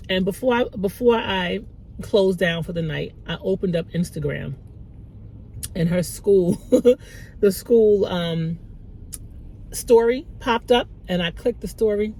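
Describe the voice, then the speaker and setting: A woman's voice: normal speed, husky. A middle-aged woman and mother giving a heartfelt faith pep talk to the camera, conversational and tearful. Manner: warm, conversational, lively pitch swings with bursts of laughter. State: tearful, emotional. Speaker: mother and small business owner.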